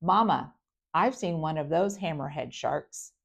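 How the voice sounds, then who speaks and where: An insistent little girl bursting to tell a secret, as a woman puts her on while telling a story. The voice sits high and eager, keeping on until she is heard. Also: lively intonation, unhurried, gravelly, breathy edge, heavily acted. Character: excited little girl tattling on a fishing trip.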